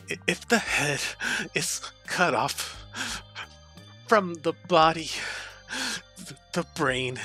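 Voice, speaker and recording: Man doing a timid girl voice, stuttering, hesitant, pitched up. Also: pushed and bright, exaggerated voice. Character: timid stammering young woman.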